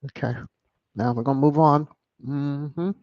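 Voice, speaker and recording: A man hosting a live stream, reading viewer comments in a casual, animated way with laughs and sudden high exclamations. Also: measured pace, dry recording, lo-fi sound. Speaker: livestream host reading chat.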